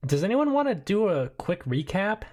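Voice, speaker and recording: A woman player at a tabletop game, joking in a slow, dry way. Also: mid-range voice, big pitch swings, darkish tone.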